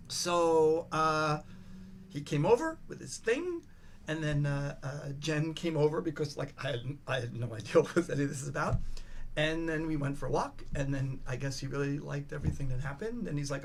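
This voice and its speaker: A man's voice: on the high side, a little fast, gravelly, slight background noise. Rambling older man telling stories. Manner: rambling, restarts a lot, swears, acts out quoted voices. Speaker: podcast guest. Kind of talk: casual storytelling chat.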